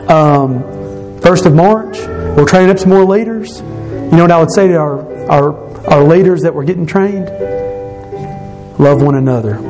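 A middle-aged man preaching a candid, self-deprecating evening sermon in a church, sighing between points. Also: fairly high pitch. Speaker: pastor. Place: church sanctuary.

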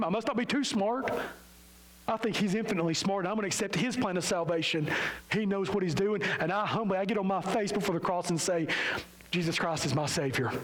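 Brief: male preacher, fairly high voice, fiery evangelical sermon, drops low and solemn then climbs to loud peaks, pokes fun at himself. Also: rough recording. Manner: self-mocking asides.

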